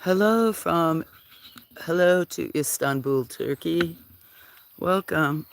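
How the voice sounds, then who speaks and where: Unhurried, gravelly live-stream host filming farm cats on a phone; chatty and apologetic with viewers. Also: medium pitch, fairly bright tone, slight background noise. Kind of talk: casual live-stream chat. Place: farm, among the cats at feeding time. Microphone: handheld phone.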